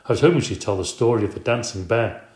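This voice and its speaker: A man reading the part of an elderly grandmother who speaks up with lively, emphatic reminiscence in a storybook reading. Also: fairly low pitch, fast, lightly acted. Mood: spirited. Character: chatty elderly woman, grandmother, spirited storyteller. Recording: roomy echo.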